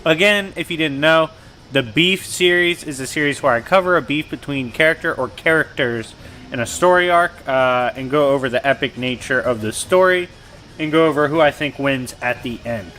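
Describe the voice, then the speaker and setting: A man's voice: fairly high pitch, normal speed, slight background noise. A man hosting a comics channel, retelling a comic story in casual slang and acting out the characters' lines. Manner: slangy, animated retelling of dialogue. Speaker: comic book channel host.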